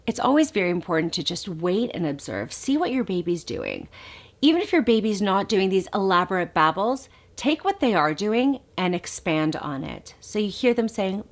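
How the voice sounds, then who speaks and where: A woman speech therapist giving calm, explanatory tips to parents, now and then modeling baby sounds in a sing-song. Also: mid-range voice, moderate pace. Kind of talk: instructional talk to parents.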